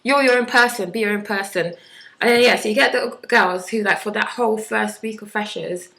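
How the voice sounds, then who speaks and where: A woman's voice: medium pitch, fairly quick, creaky, sharp tone, low-quality recording. Young girl ranting to her camera, sarcastic and blunt, casual vlog. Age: 20s. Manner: blunt, sarcastic, mocking impressions. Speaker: vlogger.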